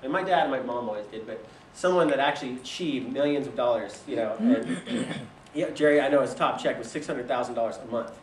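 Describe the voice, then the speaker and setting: Animated man in an echoey room. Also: medium pitch, brisk, slight background noise. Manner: animated, laughs often, quotes people in voices. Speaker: speaker telling his business story. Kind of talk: casual storytelling. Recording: roomy echo from a distant mic.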